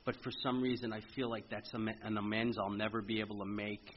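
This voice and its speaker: A middle-aged man speaking earnestly at a recovery meeting, telling his story in a halting way with frequent restarts. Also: fairly low pitch, flat delivery, a little hiss or hum. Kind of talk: personal recovery testimony. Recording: muffled lo-fi meeting recording with faint ambience.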